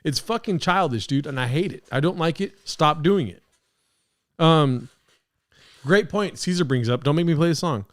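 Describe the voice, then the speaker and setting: A man's voice: fairly high pitch, moderate pace. A young man hosting a podcast, ranting casually with profane mock outrage while reacting to a clip. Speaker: podcast host.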